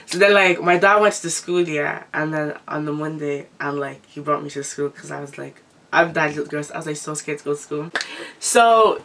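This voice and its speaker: A young woman telling a story in a casual vlog, animated and profane, acting out the people in high voices. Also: far from the mic.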